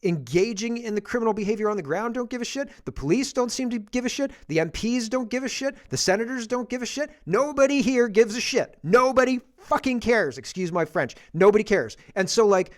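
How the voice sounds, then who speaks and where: A man's voice: very high voice, animated, fairly quick, hardly any pauses. Frustrated, profane man ranting. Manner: frustrated, profane, emphatic repetition. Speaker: show host. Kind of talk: heated political talk show rant.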